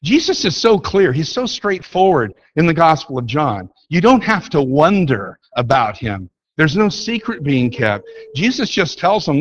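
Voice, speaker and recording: Man preaching, earnest and emphatic, fairly high voice, dull lo-fi recording. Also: big pitch swings. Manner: earnest, emphatic, slows down to read scripture. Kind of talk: sermon with scripture reading. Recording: dull lo-fi sound.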